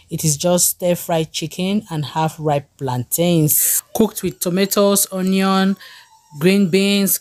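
A woman's voice: sits low, darkish tone. A young woman with a Cameroonian accent, presenting a list of dishes in a chatty, enthusiastic way. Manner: enthusiastic, chatty, laughs easily. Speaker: food vlogger.

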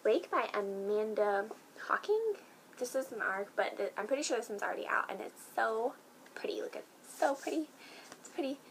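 Young woman, book vlogger, gushing and excitable, gravelly fry in her voice, faint background hiss. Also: medium pitch, a little fast, poor audio. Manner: gushing, excitable, many fillers. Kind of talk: casual vlog chat.

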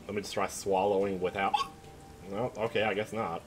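A man's voice: lowish voice, little pitch movement, a little fast. A young adult man streaming a story game, chatting casually and rambling between moments of play. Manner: rambling, chatty, trails off with fillers like "like". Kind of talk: casual chat while gaming. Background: game music.

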